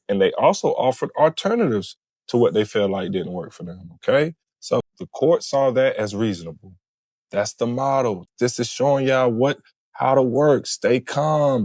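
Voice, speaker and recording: A man's voice: fairly low pitch, a little mellow, no echo. A man, coaching listeners in a casual teaching monologue and checking in often. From Florida. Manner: repetitive, checks in with "all right?" often. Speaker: family court advice host.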